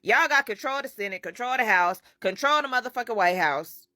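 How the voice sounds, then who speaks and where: A woman's voice: on the high side, lively intonation, fast, bright, forceful tone, no echo, clean studio sound. A woman ranting bluntly and with exasperation, swearing heavily. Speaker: commentator. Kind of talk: profane social media rant.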